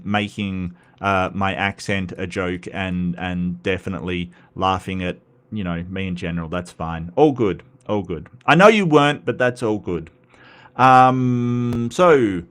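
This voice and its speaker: A man's voice: fairly low pitch, fairly bright tone. A man with an Australian accent hosting a live stream, chatting casually and reading chat comments, rambling with frequent stutters and restarts.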